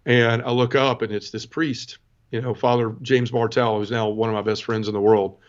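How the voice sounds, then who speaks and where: A man in his forties, a podcast guest, telling his personal conversion story earnestly and emotionally, with many halting restarts. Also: medium pitch, little pitch movement, dull audio.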